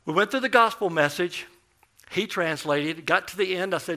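Bright-voiced preacher telling a story. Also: male voice, high voice, normal speed. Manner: animated, acts out the people in his story. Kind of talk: storytelling sermon.

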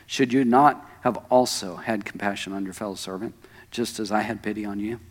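A pastor voicing a stern male master rebuking a servant, low, grave and hushed, in an echoey church hall. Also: a little fast, close to an everyday voice.

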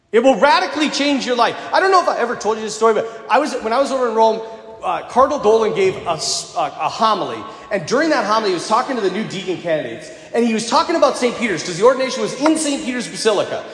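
A man's voice: high-pitched, fast. A man preaching a sermon, acting out the scripture voices and asking the congregation questions. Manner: animated, acts out quotes in voices, asks the congregation questions. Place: large echoey church. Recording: echoey church with long reverb.

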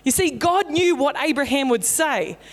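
A woman's voice: sits high, lively intonation, moderate pace. A woman pastor preaching a sermon in a conversational, playful storytelling way. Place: church auditorium. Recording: long hall reverb in a church.

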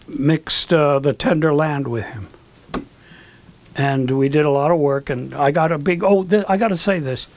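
An older man telling stories as an interview guest, rambling with asides and acting out the voices of people he quotes. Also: on the high side. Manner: animated, acts out quoted dialogue. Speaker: guest, recording engineer. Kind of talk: storytelling in an interview.

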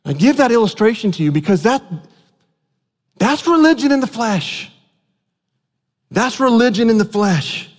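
A man's voice: extremely high pitch, animated, normal speed, pauses often, big-room sound. A man preaching a sermon as a pastor, talking in a conversational storytelling way and repeating key phrases for emphasis.

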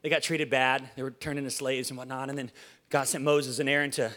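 A man's voice: medium pitch, flat delivery, brisk, a bit bright. A man preaching a casual, joking sermon from a church stage, chatty and playful, with stammered restarts and questions to the congregation.

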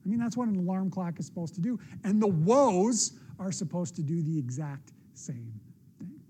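A man's voice: high-pitched, expressive, moderate pace, dark tone, slight background noise. A middle-aged man, a pastor, preaching a sermon in an earnest, conversational way with personal asides.

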